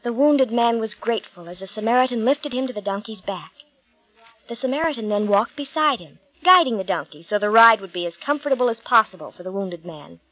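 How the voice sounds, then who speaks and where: A woman narrating a Bible story with clear, measured storytelling. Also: a little high, expressive, a bit bright, dry recording, low-quality recording.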